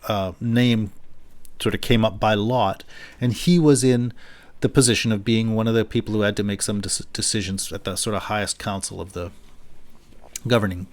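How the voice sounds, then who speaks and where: A male philosophy lecturer giving an unscripted university lecture, thinking aloud and paraphrasing a text in a lively quoting voice. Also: fairly low pitch, normal speed. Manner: thinking aloud, with frequent restarts and fillers.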